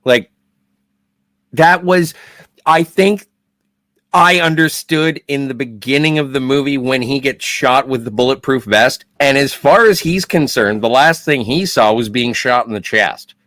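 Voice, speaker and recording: A man's voice: medium pitch, unhurried, a bit bright, no echo. A man co-hosting a podcast, giving his take on a film in a rambling, hedging way. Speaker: podcast co-host. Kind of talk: casual film discussion.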